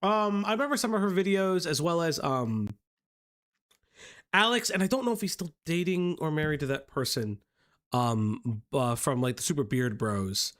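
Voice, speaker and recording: A streamer reacting to a video with loud, crude, excitable outbursts. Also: mid-range voice, normal speed.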